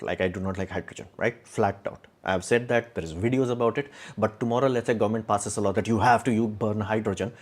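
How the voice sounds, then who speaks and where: Fielding questions from chat on a laid-back live stream, this young male host rambles and restarts often, stuffing his answers with fillers and strong opinions. He breaks engineering down plainly in a fairly low, darkish voice.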